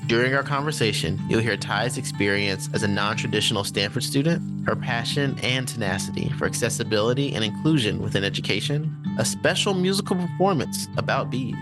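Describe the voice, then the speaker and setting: A man's voice: medium pitch, lively intonation, fairly quick, hardly any pauses, loud music behind the voice. A man in his twenties co-hosting a podcast, upbeat, casual and chatty. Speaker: podcast co-host.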